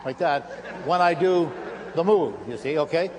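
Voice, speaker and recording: An older man's voice, on the high side and darkish in tone, comes across as expressive and brisk. He's on a lecture hall stage giving a live lecture with magic demonstrations, keeping his patter playful and self-mocking like a showman. The live hall recording picks up a faint hum and the audience's laughter.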